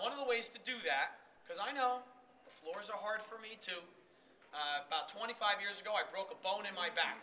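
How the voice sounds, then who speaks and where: A man leading a live sales-training workshop, energetic and demonstrative, speaking directly to the people in the room. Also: high voice, slight background noise. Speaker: trade show sales trainer.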